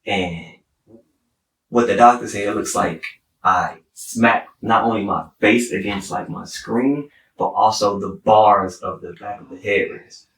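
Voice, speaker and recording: A man's voice: on the low side, unhurried, fairly bright tone. A young man from Houston, a podcast guest telling a personal story in a rambling way with many "like" fillers and restarts. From Houston, Texas. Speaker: podcast guest, singer-songwriter. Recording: roomy, distant mic.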